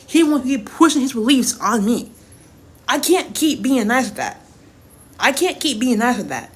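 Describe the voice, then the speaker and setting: A woman's voice: high-pitched, animated, normal speed. A young woman in her twenties vents in a casual storytime rant. She is blunt and profane and circles back to repeat her points for emphasis. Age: 20s. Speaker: TikTok creator.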